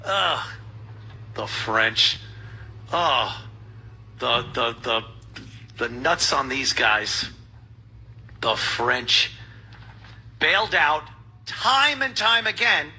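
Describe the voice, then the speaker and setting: A man's voice: mid-range voice, lively intonation, extremely slow, long pauses, bright, forceful tone, slightly rough, rough recording. A man hosting a talk show, delivering a sarcastic, ranting monologue full of mocking asides.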